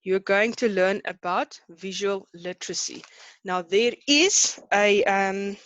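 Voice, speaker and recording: Brisk South African woman teacher. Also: mid-range voice, fairly bright tone, dull audio. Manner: brisk, chatty, counting aloud to hurry students. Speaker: Afrikaans teacher. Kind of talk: online class lesson.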